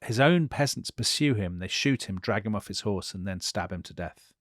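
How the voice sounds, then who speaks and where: A man's voice: on the low side, lively intonation, moderate pace, no room sound, studio quality. A man co-hosting a history podcast, retelling events vividly and dropping into quoted speech for the people in the story. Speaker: podcast co-host.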